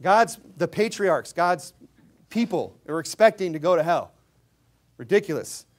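A man preaching a sermon, swinging between low asides and loud, emphatic readings of scripture, mocking the views he argues against. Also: animated, normal speed. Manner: mocking, mimics opponents' views.

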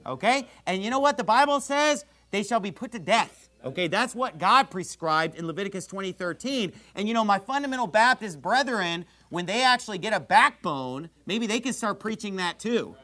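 A man's voice: high voice, animated, moderate pace, few pauses, pushed and bright. A man preaching a sermon in a heated, combative, ranting manner. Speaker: pastor.

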